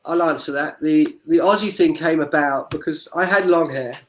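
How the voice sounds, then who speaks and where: A chatty man sits on a livestream video call and tells his stories in long, wandering runs. His voice sits a little on the high side, and he keeps looping back to pick up the thread he dropped. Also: normal speed, poor audio. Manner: chatty, digressive storyteller. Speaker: street performer guest. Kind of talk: casual video-call interview.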